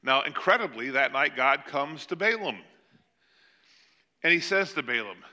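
A man's voice: medium pitch, animated, a little slow, long pauses, pushed and bright. An older man preaching a sermon, retelling a scripture story in a conversational way with joking asides. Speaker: pastor.

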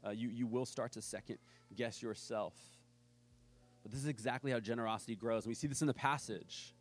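A man's voice: mid-range voice, a little fast. A man preaching a sermon as pastor, telling a story in a casual way and acting out the people he quotes.

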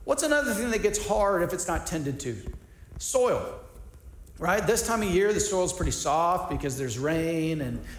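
A man's voice: high-pitched, lively intonation, unhurried, echoey room, a little hiss or hum. A man preaching a sermon in an earnest, conversational way, asking rhetorical questions and often restarting his sentences. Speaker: pastor.

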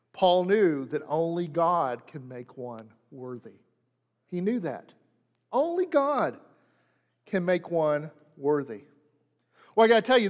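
High-voiced preaching pastor, echoing hall. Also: male voice. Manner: preaching with dramatic emphasis and repetition. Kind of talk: sermon.

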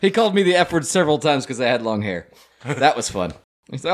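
A man's voice: mid-range voice, very animated, fast talker, very noisy. A young man bantering casually, with dry sarcastic asides and a wisecracking way of telling stories.

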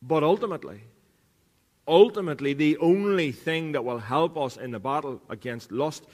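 A man's voice: fairly high pitch, moderate pace. Earnest man preaching in an echoing hall. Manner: earnest preaching, repeats lines for emphasis. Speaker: pastor. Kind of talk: sermon. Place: church.

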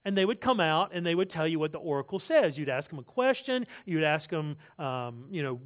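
A man preaching a sermon, telling stories with lively asides and jokes, acting out other people's words. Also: fairly high pitch, quick pace, hardly any pauses. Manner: animated storytelling, acts out quotes, asides and jokes. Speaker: pastor.

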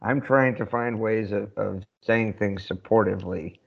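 A man with a lowish voice chatting on a podcast, dry and teasing, hedging often with fillers. The sound is a little dull and lo-fi. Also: a little slow, vocal fry, husky. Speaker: podcast co-host. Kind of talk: casual chat.

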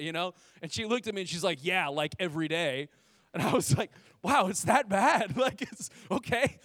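A man preaching a sermon in a casual, energetic way, with frequent restarts and asides to the congregation. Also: high voice, clean tone, no echo, studio quality. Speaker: pastor.

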